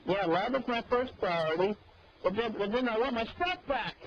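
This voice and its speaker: A man pleading and agitated on an archived call recording, sometimes breaking into shouting. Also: high-pitched, expressive, moderate pace. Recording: muffled old call recording, faint hiss.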